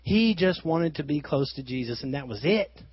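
A man preaching a sermon, swinging between loud emphasis and quiet asides. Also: on the high side, lively intonation, normal speed, husky, dry recording, lo-fi sound.

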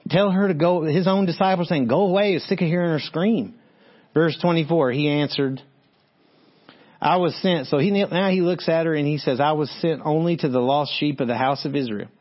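Male preacher, lively, slightly high voice, lo-fi sound. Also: normal speed. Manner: animated, talks straight to listeners, reads verses then comments. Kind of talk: sermon on a Bible passage. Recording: dull lo-fi sound.

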